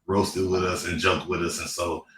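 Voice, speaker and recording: A man in his thirties, a former pro football player, telling lively stories with laughs and playful trash talk in a casual interview. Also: low-pitched, moderate pace. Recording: echoey room, distant mic, faint noise.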